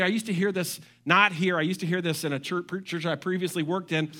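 A middle-aged man preaching a sermon as pastor, animated, with joking asides and quoted voices. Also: high voice, brisk, few pauses.

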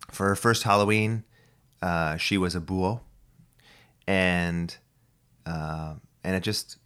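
Podcast host, man in his thirties, very deep voice; loose, profane, rambling delivery. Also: sharp tone. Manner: profane, ranting, full of restarts. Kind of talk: casual rambling monologue.

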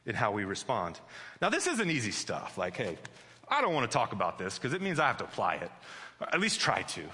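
A man's voice: mid-range voice, bright, forceful tone. A man preaching a sermon as pastor in a chatty, joking way, often restarting his sentences. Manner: conversational and joking, with frequent restarts and "like". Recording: long hall reverb.

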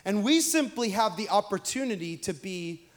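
A young adult man, a pastor preaching a sermon in a chatty storytelling way that builds to shouted emphasis. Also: sits high, expressive, normal speed.

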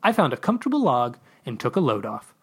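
A man's voice: medium pitch, very animated, fast talker, husky. A man hosting a podcast, reading a comic story aloud in a theatrical, pompous first-person voice.

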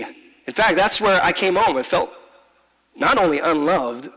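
A man preaching a sermon, telling a personal story in a heartfelt, halting way, often repeating words and slowing down for emphasis. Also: high-pitched, animated, fairly bright tone, in a large hall, low-quality recording. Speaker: pastor. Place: large church.

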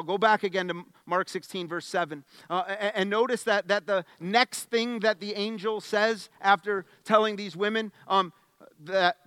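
A male pastor preaches in a high, bright voice with earnest emphasis, stumbling over and repeating his opening words as he goes. He drops to near-hushed tones and then climbs to loud, insistent lines. The sound is close and dry, with no room echo. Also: normal speed, clear, resonant tone. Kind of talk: sermon.

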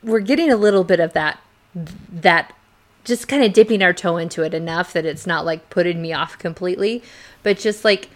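A woman co-hosting a podcast, chatting casually about a book and retelling scenes with excited, acted-out quotes. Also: on the low side, moderate pace. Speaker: podcast co-host.

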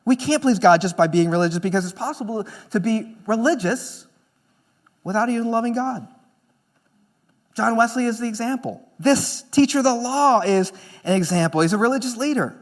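A man preaching with a notably high voice. He is an earnest pastor, pressing some points hard and dropping to a hush on others. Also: lively intonation, moderate pace. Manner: earnest preaching, swings between emphatic and hushed. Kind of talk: sermon.

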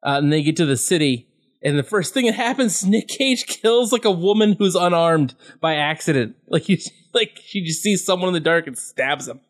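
A man's voice: a little high, expressive, moderate pace. A man co-hosting a podcast, recapping a movie in casual, sarcastic, profane chat and laughing often. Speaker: podcast co-host.

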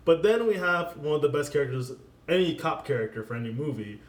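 A man's voice: fairly high pitch, fast talker, roomy sound. A man co-hosting a casual movie podcast, recapping the plot with frequent laughs. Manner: laughs often, animated recapping. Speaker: podcast co-host.

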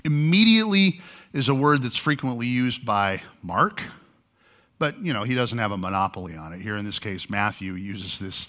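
A pastor preaching a sermon, telling a story with lively energy and acting out the lines he quotes. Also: on the low side.

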